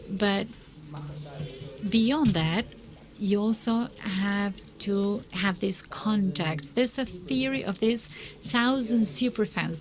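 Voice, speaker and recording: A woman speaking at a conference, answering audience questions in an earnest, encouraging way and often repeating words as she starts a sentence. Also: mid-range voice. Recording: live conference with audience noise.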